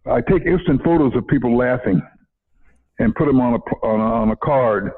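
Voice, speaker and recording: A man's voice: mid-range voice, normal speed, slightly rough. Rambling older man on a phone line. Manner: rambling, repeats words, chuckles often. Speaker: interview guest, retired educator. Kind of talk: casual interview storytelling. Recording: phone-like narrow audio.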